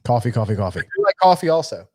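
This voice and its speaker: A man's voice: mid-range voice, big pitch swings, very fast, darkish tone, no room sound, clean studio sound. A man co-hosting a podcast, chatting casually in a laid-back, rambling way with plenty of fillers and swearing. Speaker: podcast co-host. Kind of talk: casual chat.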